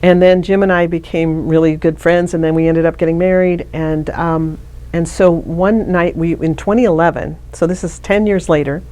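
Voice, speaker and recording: Low-voiced woman telling a story. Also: fairly even intonation, normal speed, dark tone. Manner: chatty storyteller, frequent restarts. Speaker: interview guest. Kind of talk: casual interview conversation.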